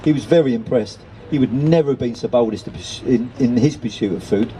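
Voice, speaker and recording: A man's voice: medium pitch, fairly quick, mellow, slight background noise, rough recording. A man reading a children's story aloud, with chatty self-deprecating asides to the listeners. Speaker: reader.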